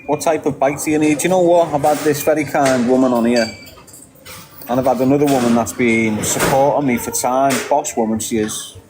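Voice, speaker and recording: Speaking briskly in a mid-range voice, a middle-aged Liverpudlian gives his viewers straight, profanity-laced answers in a casual monologue. There's background noise in the recording.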